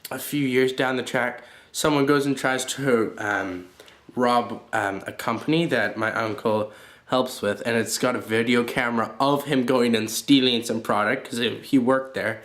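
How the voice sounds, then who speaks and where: A man's voice: medium pitch, fairly even intonation, normal speed, a bit bright, echoey room. A man casually telling funny family stories and jokes, rambling with lots of fillers and laughs. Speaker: storyteller.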